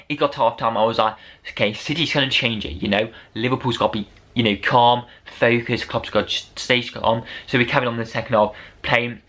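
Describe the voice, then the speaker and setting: Male fan vlogger, mid pitch, excitable rambling match recap, unpolished delivery. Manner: excitable, rambling, rising to shouts over goals. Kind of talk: unedited casual match review.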